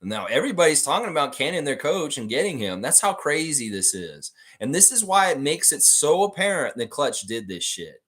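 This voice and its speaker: A man's voice: on the high side, big pitch swings, brisk, few pauses, fairly bright tone, breathy edge. A man hosting a casual fan livestream, ranting freely and swearing as he talks. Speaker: basketball livestream host.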